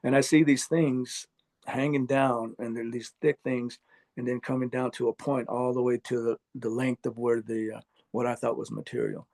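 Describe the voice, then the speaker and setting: A man earnestly recounting a personal experience, halting often with fillers and restarts. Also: medium pitch, flat delivery, gravelly, darkish tone. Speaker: near-death experience storyteller. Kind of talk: personal testimony interview.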